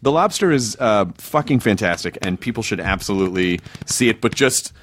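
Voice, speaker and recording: A man's voice: lowish voice, animated, brisk. A man hosting a podcast, chatting in a playful, jokey manner. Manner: playful, jokey, does mock voices. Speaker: podcast host. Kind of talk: casual interview chat.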